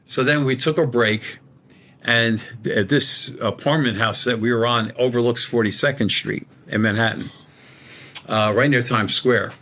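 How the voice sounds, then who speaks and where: A man's voice: mid-range voice, fairly even intonation, unhurried, pushed and bright. A man guest, a psychic medium, telling a rambling personal story in a casual way and retelling what people said. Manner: rambling, retells dialogue with "she goes".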